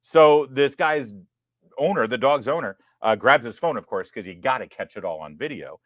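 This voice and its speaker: A man hosts a live online commentary show with a joking, animated delivery. His pitch swings widely from line to line. The sound is close and dry, with no room echo. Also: moderate pace. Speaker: host.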